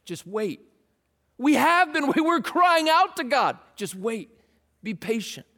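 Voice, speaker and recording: A pastor giving a casual, joking sermon in a conversational way. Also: male voice, very high voice, very animated, slow pace, a bit bright.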